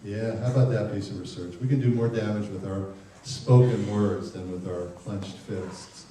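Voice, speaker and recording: A man's voice: lowish voice, fairly even intonation, warm tone, a little hiss or hum. Man lecturing parents in an echoey hall. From Ireland. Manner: jokey, acts out parents and teens in quick voices. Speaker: speaker giving a parenting talk. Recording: far, echoey hall recording.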